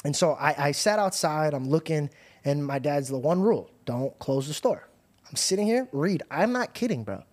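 A man hosting a podcast, telling a story in a casual, animated way, swearing often and calling people bro. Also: fairly high pitch, normal speed. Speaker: podcast host.

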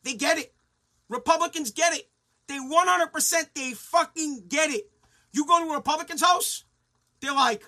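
A man's voice: extremely high pitch, normal speed, bright, forceful tone. A man hosting a talk show, ranting angrily and sarcastically, mocking people in put-on voices. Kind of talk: profane rant.

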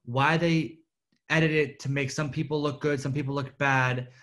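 A man's voice: medium pitch, fairly even intonation, moderate pace, a bit bright. Man interviewer with a mid-range voice, asks rambling questions full of ums. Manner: hesitant, many ums.

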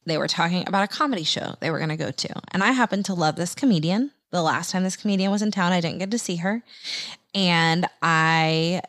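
A woman in her thirties hosting a faith podcast, telling a personal story in an animated way and acting out her own past voice. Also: brisk, no echo, clean studio sound. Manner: animated, acts out her own quoted voice in higher pitch. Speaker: podcast host.

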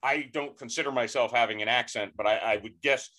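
Here a podcast host from the United States runs a remote-call interview in a casual, hesitant way, stumbling and restarting often. His medium-pitched voice is sharp in tone, his intonation fairly even, and his pace brisk.

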